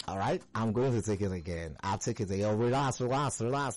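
A young man hosting a call-in radio show, energetic and slangy, hyping up callers. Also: on the low side, fairly quick, few pauses. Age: young adult.

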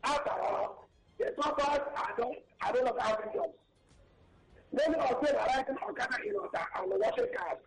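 A man with a Nigerian accent calling in to a radio show, talking in an excitable, rambling and emphatic way. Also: extremely high pitch, fairly quick, creaky, roomy sound, a little hiss or hum, low-quality recording. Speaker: caller. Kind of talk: phone-in call.

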